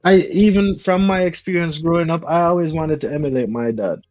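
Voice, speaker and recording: A man's voice: fairly high pitch, a little fast, darkish tone, no room sound. A man speaks emphatically in a loose podcast conversation, sharing advice about raising kids. The sound is dry and a little dull and lo-fi, with faint music underneath. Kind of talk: casual chat.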